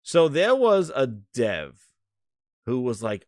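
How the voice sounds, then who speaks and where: A man hosting a live stream, talking in a rambling, excitable way with casual swearing. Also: medium pitch, slow pace, long pauses, no room sound, clean studio sound. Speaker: host.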